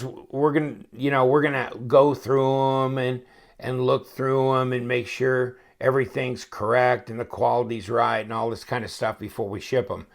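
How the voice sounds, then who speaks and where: A man's voice: medium pitch, creaky. A man reviewing a knife in a casual unboxing chat, rambling and thinking aloud with wry, joking asides. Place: home, at his inspection table.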